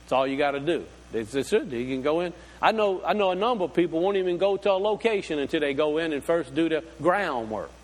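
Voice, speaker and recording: A man's voice: a little high, fast, hardly any pauses, long reverb tail. A man preaching a sermon, folksy and full of rhetorical questions. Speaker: pastor.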